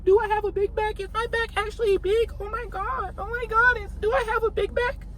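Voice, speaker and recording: A man's voice: little pitch movement, brisk, fairly bright tone. A man imitating an insecure young woman fretting in front of a mirror. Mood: panicked. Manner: panicky high-pitched fretting.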